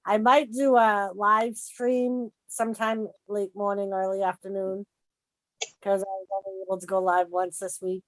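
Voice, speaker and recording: A woman's voice: medium pitch, flat delivery, normal speed, dry recording. A woman chatting plainly about her weekend plans on a group live stream. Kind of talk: casual group chat.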